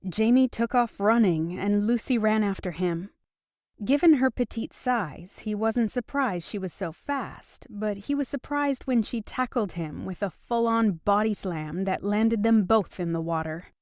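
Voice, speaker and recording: A woman narrating a romance audiobook in an even, steady storytelling manner. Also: mid-range voice, measured pace, no echo, studio quality. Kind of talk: scripted narration.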